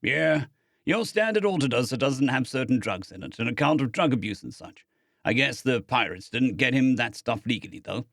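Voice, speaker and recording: A shaken young spacer speaks quietly and humbly, brushing off praise with a soft "aye", as a male narrator voices him. His voice rises and falls with a lively pitch. The read is close and dry. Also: moderate pace, creaky, no echo. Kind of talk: audiobook character voice.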